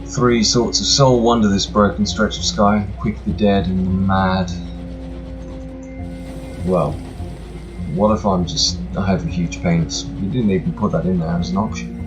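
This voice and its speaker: Low-voiced man reading game text aloud. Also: fairly even intonation, normal speed. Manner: reads with mock-dramatic flourishes, dry joking asides. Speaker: gameplay narrator. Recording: faint music behind, slightly tinny room.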